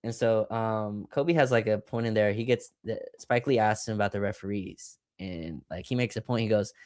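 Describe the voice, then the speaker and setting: Low-voiced man recapping basketball. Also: normal speed, a little mellow, no room sound, studio quality. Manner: analytical, hedging. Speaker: podcast co-host. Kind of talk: casual sports recap chat.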